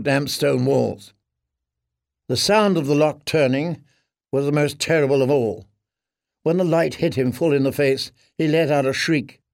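A man reading a dark story aloud in a steady, measured narration. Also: mid-range voice, vocal fry, no room sound, clean studio sound. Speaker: audiobook narrator. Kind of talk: scripted narration.

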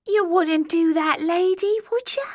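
A woman reading a storybook, voicing a scrappy, cowardly male goblin in a squeaky high voice. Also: unhurried, no echo, studio quality. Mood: whining. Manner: high and shrill, whining when scared.

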